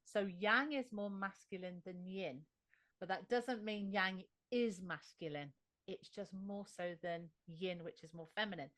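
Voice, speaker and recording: An Australian woman recounts her experiences in an animated, conversational way. Her voice sits in the middle range. The recording is close and dry, with no room sound. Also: medium pitch, a little slow, dry recording. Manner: animated storyteller. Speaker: interview guest. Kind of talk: conversational interview.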